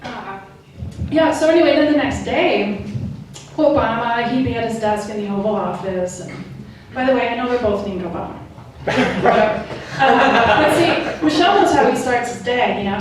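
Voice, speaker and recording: A woman's voice: a little high, noisy background. A woman performing a stand-up routine, telling a casual, profane, slangy story and doing voices for the characters. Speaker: stand-up comedian. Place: comedy club stage. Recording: echoey club from far off with crowd laughter. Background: audience laughing.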